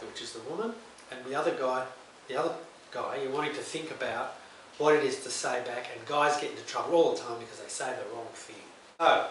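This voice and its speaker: A man's voice: mid-range voice, fairly bright tone. A middle-aged man, a counsellor and psychotherapist, talks plainly and conversationally in a direct-to-camera advice talk and acts out short example dialogues. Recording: roomy echo, mic at a distance, faint hiss.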